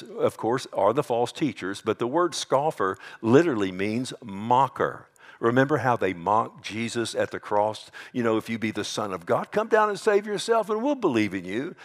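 A middle-aged man, a pastor, preaching a sermon with animated delivery, mimicking mockers in a higher voice and dropping to quiet warnings. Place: church sanctuary.

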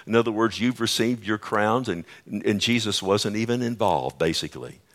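Male pastor, lowish voice, preaching a sermon with emphatic rises and rhetorical questions. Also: expressive, moderate pace, a bit bright.

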